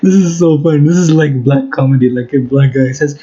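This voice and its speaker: A man's voice: fairly high pitch, fairly quick, dark tone, husky, lo-fi sound. A man hosting a reaction video, giving sarcastic, mocking commentary on a clip.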